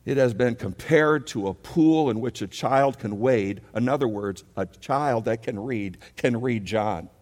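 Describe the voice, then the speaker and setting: Male pastor mid-sermon, lively call-and-response delivery, long hall reverb. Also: medium pitch, measured pace, hardly any pauses. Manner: animated preaching, leads congregation call-and-response.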